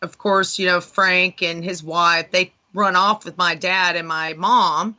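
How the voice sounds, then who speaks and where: A woman guest on a paranormal talk radio show, telling a long, animated story with many fillers. Her voice is bright and forward. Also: on the low side, a little slow, lo-fi sound. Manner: rambling, animated retelling with lots of fillers.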